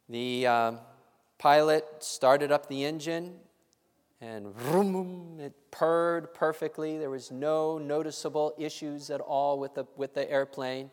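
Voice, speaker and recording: Guy preaching, tells a story, does the voices, kinda high voice, big echoey hall. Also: takes it slowly. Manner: animated, acts out voices in the story. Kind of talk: sermon storytelling. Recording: long hall reverb.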